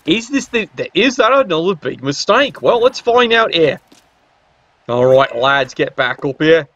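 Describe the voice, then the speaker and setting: A man's voice: on the high side, very animated, a little slow, fairly bright tone, dry recording, lo-fi sound. A man giving casual, sarcastic play-by-play commentary on a video game match. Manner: cheeky, sarcastic banter.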